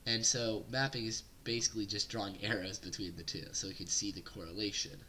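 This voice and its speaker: Guy teaching algebra with a sick voice, lowish and kinda sharp, chill and explaining step by step. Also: a little fast, a little hiss or hum. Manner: relaxed, explains step by step with fillers. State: sick, stuffy voice. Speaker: algebra tutor. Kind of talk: casual math lesson.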